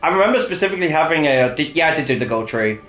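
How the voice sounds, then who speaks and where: A man's voice: fairly high pitch, expressive, very fast, fairly bright tone. A man co-hosting a casual gaming session, chatting and thinking aloud with lots of fillers as he plays. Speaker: co-host playing the game. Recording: roomy echo with faint music.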